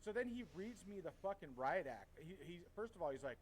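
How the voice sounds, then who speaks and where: A middle-aged man from Washington State telling a story in a casual podcast chat, heated, swearing often, and animated. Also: high-pitched, a little fast, poor audio. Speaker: podcast co-host.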